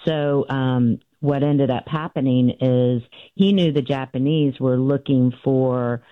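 A woman's voice: a bass voice, steady tone, slow pace, dry recording. Woman storyteller over a tinny phone line. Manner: recounts events with frequent fillers and restarts, acting out quoted voices. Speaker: author guest. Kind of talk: conversational storytelling.

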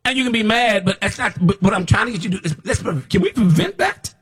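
Husky-voiced man preaching scoldingly. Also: high-pitched, fast. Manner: scolding, repetitive, rising to near shouts. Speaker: self-described prophet. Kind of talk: preaching monologue.

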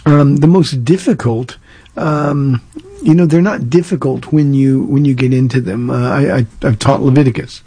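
A man's voice: medium pitch, normal speed, mellow, breathy edge, no room sound, rough recording. A man from Southern California, a pastor hosting a call-in radio show, answering listeners' questions in an earnest, plainspoken way at length.

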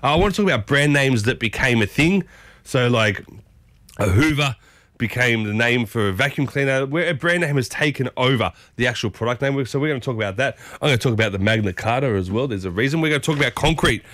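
An Australian man chats on his own morning radio show, upbeat and talkative, his voice leaping up high when he gets excited. His voice sits at a middle pitch. The studio sound is dry and close. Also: fast talker, no room sound. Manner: chatty, upbeat, excitable with sudden high bursts. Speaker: radio host. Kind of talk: solo morning radio chat. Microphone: studio microphone.

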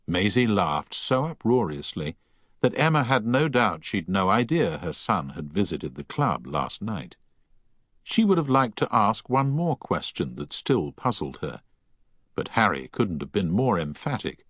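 A man reading a novel aloud in an expressive, measured narration. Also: sits low, no echo, studio quality. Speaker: audiobook narrator. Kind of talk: scripted narration.

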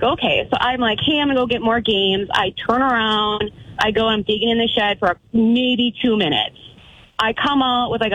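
A woman in her thirties telling a frightening story as a caller, talking fast and acting out what people said. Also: mid-range voice, a bit bright, highs cut off. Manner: breathless retelling with quoted dialogue. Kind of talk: casual storytelling.

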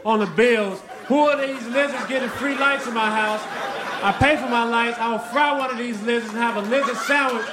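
A man doing a stand-up bit as a shouting, exasperated rant. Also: extremely high pitch, moderate pace. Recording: roomy club with loud crowd noise.

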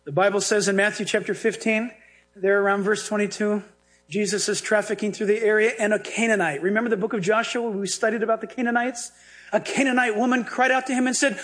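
A male pastor preaching a sermon in a lively, humorous way, acting out the dialogue he tells. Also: sits high, brisk.

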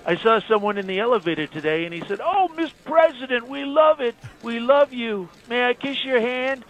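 A bragging, rambling president who circles back to praise himself over and over, as a man puts him on in a comedy sketch. The voice sits high for a man. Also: expressive, fairly quick, poor audio. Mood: mocking. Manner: rambling, self-praising, repetitive. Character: boastful rambling male president.

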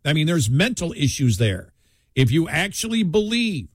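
Older talk radio host, dry studio sound. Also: male voice, moderate pace, breathy edge, no echo. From New York. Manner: animated, swings pitch for mocking quotes. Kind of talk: casual talk radio chat.

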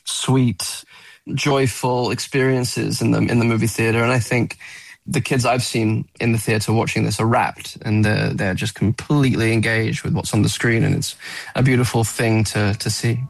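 An earnest man, an actor, talks in a radio interview and often repeats words while he searches for what to say. His voice is gravelly, recorded dry and close in a studio. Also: medium pitch, fairly even intonation, moderate pace, no echo, poor audio. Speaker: film actor, guest.

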